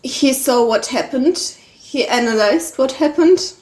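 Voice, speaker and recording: A woman co-host who teases her partner and explains story details in relaxed chat. Her voice is high, with an echoey room around it. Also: a little slow. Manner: teasing, explaining. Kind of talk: casual chat about a story. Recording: roomy home recording.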